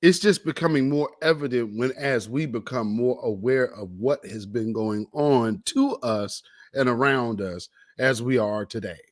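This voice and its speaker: A man's voice: mid-range voice, unhurried, hardly any pauses. A man hosting a commentary show, reacting to video clips in an emphatic, preachy way and drawing out the words he stresses. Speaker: commentary host.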